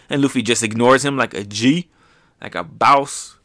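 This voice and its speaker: A man hosting a show, casually recapping manga chapters with excitement, often dropping to a soft voice. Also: medium pitch, normal speed, no echo, clean studio sound. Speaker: podcast host.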